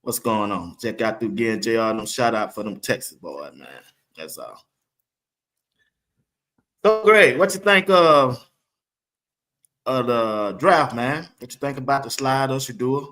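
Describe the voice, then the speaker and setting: A man hosting a live sports talk stream, firing off casual shout-outs to the chat and laughing often. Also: mid-range voice, normal speed. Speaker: live show host.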